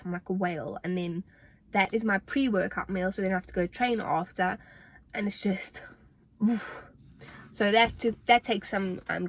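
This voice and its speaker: Slightly breathless young woman vlogging. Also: mid-range voice. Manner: earnest, motivational, chatty with fillers. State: a little out of breath. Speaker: fitness vlogger. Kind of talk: casual talking-to-camera vlog.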